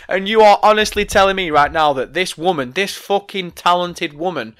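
A man's voice: sits high, moderate pace, a bit bright, clear, resonant tone. A man delivering an angry, profane, sarcastic rant about wrestling. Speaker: wrestling commentator. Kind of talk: ranting monologue.

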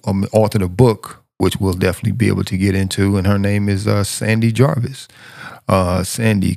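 Male podcast host, very deep voice, gravelly, flat monotone delivery, rambling, dry close sound. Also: no room sound. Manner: rambling, repeats and restarts words. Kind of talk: casual podcast interview.

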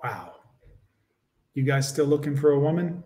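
A man's voice: fairly high pitch, lively intonation, normal speed, noisy background. A male host doing livestream reaction commentary, mocking and sarcastic, with crude asides to his viewers.

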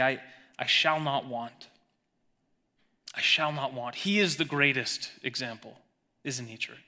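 Bright-voiced preacher, man, emphatic. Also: on the high side. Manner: emphatic, swings between raised emphasis and hushed lines. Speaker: pastor. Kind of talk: sermon.

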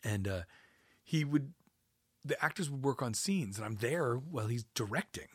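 A man chats loosely and animatedly about his work, his voice a little husky and slightly breathy. The sound is close and dry, with no room around it, and he keeps circling back with "you know" and "like" as he tells his stories. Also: mid-range voice, normal speed, no room sound. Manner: rambling, animated, swearing, frequent "like" fillers. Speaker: guest, composer. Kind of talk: casual storytelling conversation.

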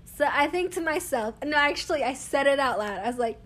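A young woman, telling a long everyday story in a casual, animated way and laughing often. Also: high-pitched, brisk, few pauses. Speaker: vlogger.

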